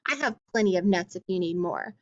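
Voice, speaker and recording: A woman's voice: lowish voice, fairly quick, highs cut off, lightly acted. A woman voicing a kindly, chatty old village grandmother while reading a storybook aloud. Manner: fussing, chatty, good-natured.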